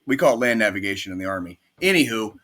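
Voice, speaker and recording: A man's voice: fairly low pitch, animated, fast talker, a bit bright. A man, an Army veteran, co-hosting a casual podcast. He rambles, repeats his words and adds dry jokes. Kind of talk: casual chat.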